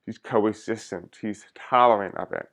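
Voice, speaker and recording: Low-voiced man chatting as a tarot reader. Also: moderate pace, a bit bright. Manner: chatty, addresses viewers directly. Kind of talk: casual vlog talk to viewers.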